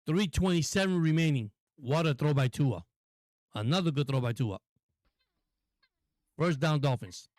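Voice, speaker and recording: A man's voice: medium pitch, unhurried, long pauses, dry recording. Guy calling the game live on his stream, gets hyped, keeps saying guys, dry close sound. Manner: excitable, repetitive, addresses viewers as guys. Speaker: host and play-by-play caller. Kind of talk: live-stream play-by-play commentary.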